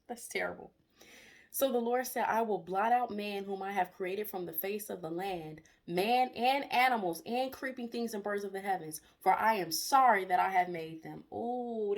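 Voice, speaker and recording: Animated woman teaching from the Bible. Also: mid-range voice. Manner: reads scripture aloud then comments with animated exclamations. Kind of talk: casual spoken Bible study.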